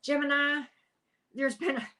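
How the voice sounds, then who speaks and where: A woman's voice: sits high, level tone, unhurried, pushed and bright, rough recording. A woman hosting a live tarot stream, chatty and teasing, greeting viewers by name as she reads the cards. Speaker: tarot reader hosting a livestream. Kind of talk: casual livestream chat.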